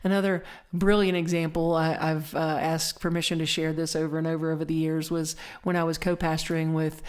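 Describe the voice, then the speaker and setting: A woman minister giving a conversational sermon, telling stories in an animated way and dropping to soft whispers for emphasis. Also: sits low, brisk, clean tone.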